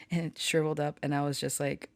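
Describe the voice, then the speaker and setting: Woman, low voice, casual rambling chat, laughs often, dry sound. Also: flat delivery, a little fast, dry recording. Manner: self-aware melodramatic storytelling. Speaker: spiritual channeler and tarot reader. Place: small converted shed studio at home.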